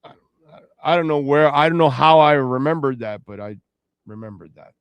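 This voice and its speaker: A man's voice: a little high, normal speed, clear, resonant tone, dry recording, dull audio. Middle-aged male sports radio host, casual rambling delivery, dry close-miked sound. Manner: rambling, conversational, reacting to chat.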